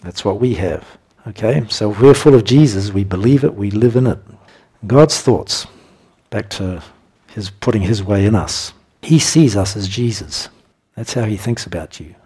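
Male preacher, low husky voice, conversational sermon delivery with frequent chuckles. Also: lively intonation, normal speed, warm tone. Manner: conversational, chuckles between points.

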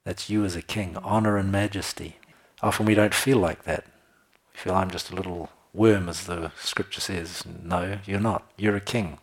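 A man's voice: sits low, fairly even intonation, normal speed, breathy edge. A man preaching a sermon, reading scripture aloud and commenting with frequent laughter.

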